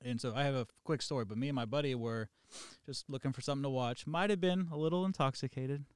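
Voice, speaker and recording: A man's voice: mid-range voice, fast talker, clean tone, no room sound, clean studio sound. A man co-hosting a podcast interview, an easygoing storyteller who chuckles often. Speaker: podcast co-host.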